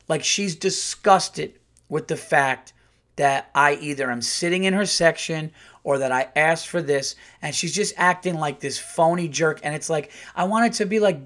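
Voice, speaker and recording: A middle-aged male comedian hosting a podcast, telling an exasperated story in a casual, animated way and acting out the quotes. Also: a little high, moderate pace. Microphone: podcast studio mic.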